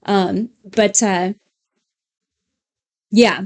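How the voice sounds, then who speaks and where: A woman's voice: medium pitch, steady tone, very slow, darkish tone. A woman co-hosting a casual live stream from a home studio, rambling and chatty with frequent fillers and laughs. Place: home studio with LED lights.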